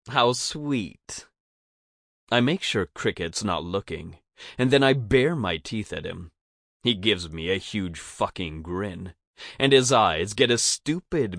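A man reads a first-person audiobook in a steady, even storytelling manner. His voice sits very low and his pace is unhurried. The recording is dry and close on the mic. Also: no room sound.

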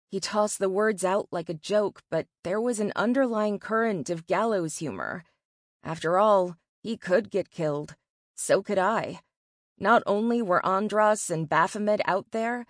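A woman narrating a first-person novel in a measured, expressive way. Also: medium pitch, no echo, studio quality. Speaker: audiobook narrator.

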